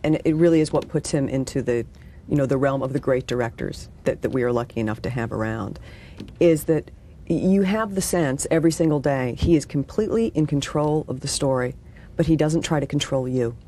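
A woman guest on a studio talk show, speaking in a measured way and searching for her words. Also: very deep voice, warm tone, a little hiss or hum. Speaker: actress guest. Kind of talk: thoughtful talk show conversation.

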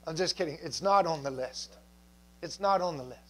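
A man with a notably high voice delivers a sermon as a pastor in church. His preaching is conversational and relaxed, full of asides and light jokes to the congregation. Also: normal speed.

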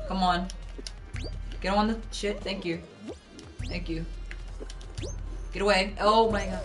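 A streamer giving live gameplay commentary, excitable and frustrated, swearing and yelling at the game. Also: mid-range voice, slow, pauses often, music in the background.

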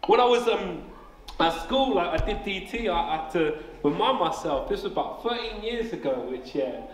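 A man in his late twenties preaching a family service sermon in a church hall, energetic and jokey, often repeating words as he starts a sentence. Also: sits high, normal speed, a little hiss or hum. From England. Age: 20s. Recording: echoey hall, faint ambience.

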